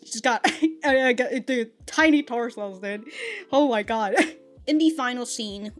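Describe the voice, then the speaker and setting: A woman hosting an anime reaction, chatting casually, laughing often and swearing offhandedly between fillers. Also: on the high side.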